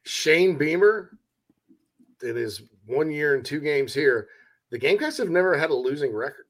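A man's voice: fairly high pitch, lively intonation, moderate pace, fairly bright tone. A man from South Carolina with an Upstate accent, hosting a casual sports talk show and reading listener comments in a chatty, self-mocking way.

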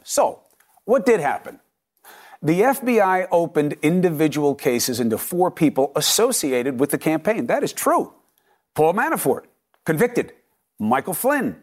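Emphatic man anchoring a news commentary. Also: a little high. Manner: emphatic, punchy, rhetorical questions. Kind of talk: opinion commentary segment.

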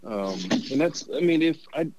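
A man in casual conversation, halting and measured, restarting his sentences often. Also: on the high side, animated, a little mellow, low-quality recording.

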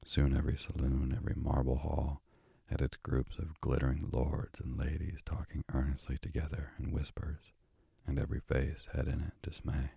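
Sleep-story narrator, male, soft and drowsy, deep monotone, dry close sound. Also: moderate pace, vocal fry, breathy edge, no room sound. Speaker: bedtime story reader.

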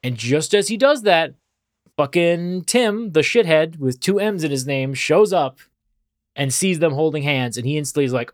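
A man's voice: a little high, expressive, normal speed, no room sound, studio quality. A man co-hosting a podcast, recapping an episode in casual chat and acting out characters' lines as he goes. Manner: chatty, acts out quoted lines. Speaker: podcast co-host.

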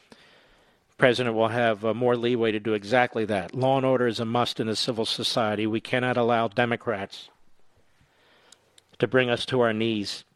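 A man's voice: medium pitch, fairly even intonation, moderate pace, pauses often, fairly bright tone, smooth, dry recording. Male talk radio host, pushy and emphatic, dry studio sound. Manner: combative, emphatic. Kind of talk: political talk radio monologue.

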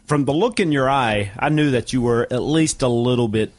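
A man's voice: mid-range voice, moderate pace, dry recording. A man, a wrestling referee, talking casually as a guest and laughing often. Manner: easygoing, laughs often, short agreeing replies. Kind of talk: casual conversational interview.

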